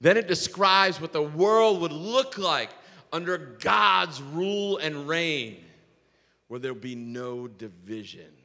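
A male pastor with a high, bright voice preaches in an animated, storytelling manner, poking fun at himself. His words carry a long reverb from the church hall around him. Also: slow. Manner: animated storytelling with self-mocking humor. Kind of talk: sermon. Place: church sanctuary.

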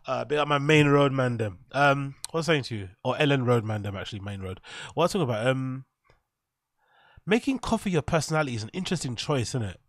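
A young English man with an English accent, chatting casually and profanely on a live stream, joking and giving viewers shout-outs. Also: mid-range voice, lively intonation, fast talker, no echo, studio quality. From England. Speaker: reaction streamer.

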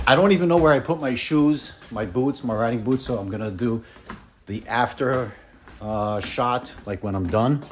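A man's voice: on the low side, background noise. A man rambling in a friendly, chatty way as a motorcycle vlogger, talking casually from his home garage. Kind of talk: casual vlog chat.

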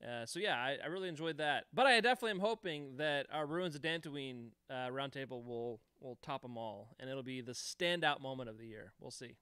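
A man's voice: medium pitch, a little fast, hardly any pauses, sharp tone, clean tone, no echo, studio quality. A man co-hosting a casual podcast chat, thinking aloud hesitantly with fillers. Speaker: podcast co-host.

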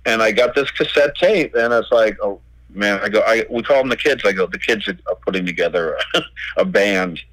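A man's voice: fairly low pitch, a little fast, fairly bright tone, no room sound, poor audio. A man, a record label owner, telling stories as a podcast guest, swearing freely and acting out old conversations. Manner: swears freely, retells dialogue with "I go". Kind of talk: storytelling in a podcast interview.

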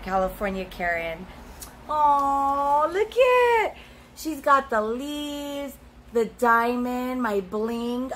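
At home in front of the camera, a young woman unboxes gifts that came in the mail, chatting casually and squealing and gasping with delight. She sounds high-ish and fairly bright, and the rough recording carries a slight hiss or hum.

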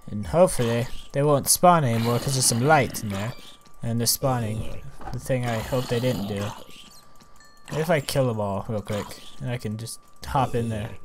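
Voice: mid-range voice, moderate pace, crowd noise. A gamer giving casual, rambling commentary while playing, chatting to the animals and mobs along the way. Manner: chatty, fumbling restarts.

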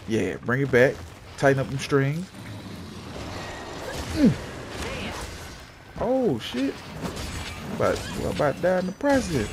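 A man talks through his game in a loose, profane, slangy way, trash-talking what is on screen. His pitch swings widely from line to line. Loud game sounds run clearly behind him. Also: very animated, slow pace, pauses often, background noise. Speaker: gamer. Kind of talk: casual gameplay commentary.

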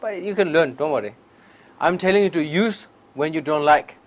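A man's voice: a little high, normal speed, rough recording. A man giving a public talk on meditation in simple, broken English, with short repeated phrases and direct questions to his listeners. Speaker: meditation teacher.

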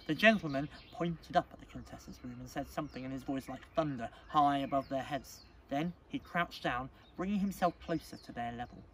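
A male teacher reading a storybook aloud at a school assembly, expressive and dramatic. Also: mid-range voice, fairly quick, few pauses. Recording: distant mic, faint background noise.

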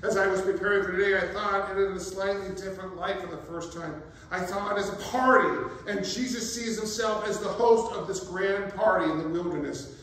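A man preaching a sermon as pastor, telling the story in a lively way with humorous asides. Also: high voice, brisk. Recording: very echoey, distant mic, faint ambience.

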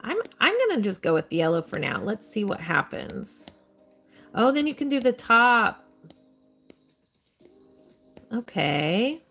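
A woman's voice: fairly high pitch, very animated, unhurried, pauses often, fairly bright tone, breathy edge, faint music behind. A woman hosting a live stream, chatting casually and cheerfully while answering her viewers' questions as she plays a game. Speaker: live-stream host playing a mobile game.

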